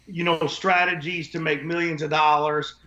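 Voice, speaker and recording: This podcast guest, who owns a window cleaning business, speaks at a moderate pace in a fairly high, bright, forceful voice that barely moves in pitch. His casual stories are blunt and full of profanity, wandering from point to point. The audio is lo-fi, dull, and echoey.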